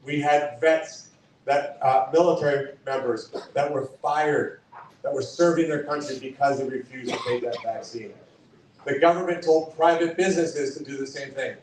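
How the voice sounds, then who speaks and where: A man's voice: mid-range voice, fairly even intonation, moderate pace, darkish tone, slight background noise. A man giving a campaign stump speech. He talks emphatically, whose first language is Spanish, and repeats key lines for effect. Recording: echoey hall from far off.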